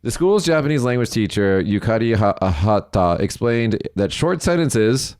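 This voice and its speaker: Blunt sarcastic man, deep dry voice. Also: sing-song, normal speed, a little mellow, no echo. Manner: blunt, sarcastic, swears freely. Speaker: podcast co-host. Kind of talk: casual news chat.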